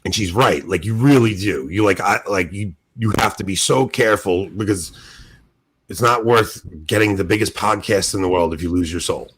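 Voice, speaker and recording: A man co-hosting a podcast, telling stories in an excited, animated way and laughing often. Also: deep voice, moderate pace, slight background noise. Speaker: podcast co-host. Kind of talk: casual podcast chat.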